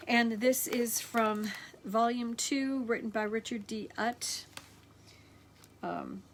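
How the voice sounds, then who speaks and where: A woman leads a healing session in a gentle, slightly high voice. She speaks very slowly, pausing often as she reads affirmations aloud. Faint room noise sits behind her. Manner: slow, gentle, reading affirmations aloud with pauses. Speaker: energy healing teacher. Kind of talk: slow guided healing affirmations.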